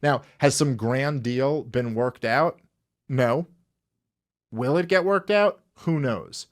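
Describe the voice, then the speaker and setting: A man's voice: mid-range voice, slow pace. A man hosting a podcast in casual political chat, ranting animatedly and swearing freely. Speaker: podcast host.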